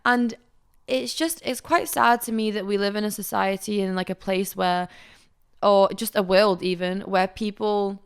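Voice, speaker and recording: A woman's voice: medium pitch, fairly even intonation, normal speed, clean tone. A young woman, telling an indignant story in casual podcast chat, candid and swearing freely. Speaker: influencer guest.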